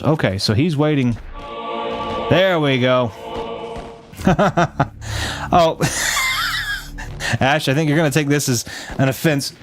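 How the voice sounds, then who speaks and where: With music in the background, a man with a high-side voice talks slowly, pausing often, with huge pitch swings. During a live-streamed game, he chats with his audience and reads game text aloud, rambling and frequently breaking off to restart or correct himself.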